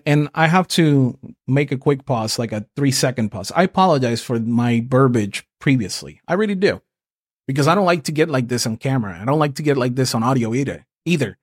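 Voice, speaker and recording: A man's voice: medium pitch, no room sound, clean studio sound. An American man co-hosting a political podcast, ranting heatedly and swearing often. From United States. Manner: ranting and profane, voice rising when angry. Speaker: podcast co-host.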